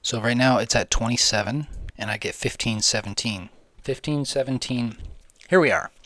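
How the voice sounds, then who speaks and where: A man's voice: fairly low pitch, fairly quick, bright, forceful tone, no echo. A young man giving casual, rambling gameplay commentary, slangy, jokey and swearing freely. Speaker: gaming video host.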